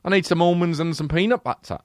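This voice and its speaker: A man's voice: on the high side, a little slow, dry recording, clean studio sound, voice pushed up, lightly acted. A man voicing a pompous British actor who is vain about his craft, in a put-on British accent. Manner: haughty, self-satisfied.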